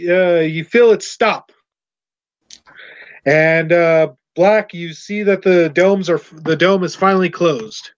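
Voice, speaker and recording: A man running a tabletop game as game master, narrating scenes and calling for rolls. He halts and searches for words often, with a fairly high voice. The sound is muffled and lo-fi. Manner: halting, searching for words mid-sentence.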